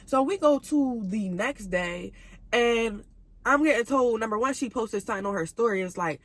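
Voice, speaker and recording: A young woman vlogger tells a casual storytime, slangy and animated, her voice swinging between high and low. She speaks at a normal speed with no echo.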